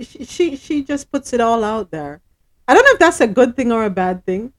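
A woman's voice: fairly high pitch, sing-song, moderate pace, fairly bright tone. A woman hosting a live radio show, chatting with laughter and reading news items aloud.

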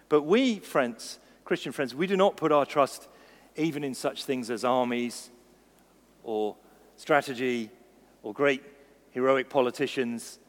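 A man preaching a sermon, lively and acting out the voices in his stories. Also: medium pitch. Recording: long reverb of a church hall.

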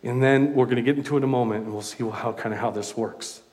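A male preacher delivers a sermon at a middle pitch. He talks conversationally and with animation, breaking in with self-deprecating asides. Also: fairly even intonation, fast, darkish tone.

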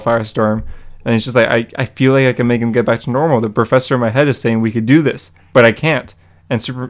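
A man hosting a comic book podcast, recapping an issue in an enthusiastic, rambling way, close to his mic. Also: mid-range voice. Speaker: podcast host. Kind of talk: casual chat recapping a comic.

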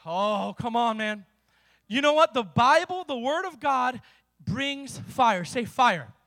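A man's voice: very high voice, expressive, slow pace, bright, forceful tone, dry recording. A man preaching a sermon as pastor, with impassioned delivery and vivid storytelling.

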